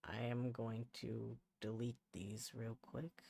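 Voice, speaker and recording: A male streamer talks his way through his work in a slow, unhurried way, muttering half to himself and trailing into exasperated restarts. The sound is dry and close, with no room around it. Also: medium pitch, flat delivery, creaky, mellow, slightly rough, dry recording. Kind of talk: casual livestream chat while working. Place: home setup.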